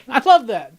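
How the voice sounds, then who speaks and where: A man hosting a live commentary, talking casually and enthusiastically, rambling and laughing as he chats with viewers. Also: very high voice. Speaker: host of live movie commentary.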